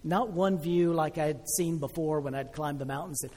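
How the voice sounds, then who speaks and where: A man in his sixties preaching a sermon, telling a personal story with feeling, swelling loud and then dropping soft and slow. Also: on the high side, long reverb tail. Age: 60s. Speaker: pastor.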